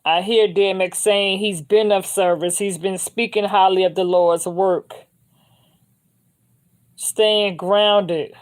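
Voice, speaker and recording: Woman doing a tarot reading, chatty and loose, mid pitch. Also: fairly even intonation, slow pace. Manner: loose and conversational, repeats "you know what I'm saying". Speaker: tarot reader. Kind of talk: spiritual reading monologue.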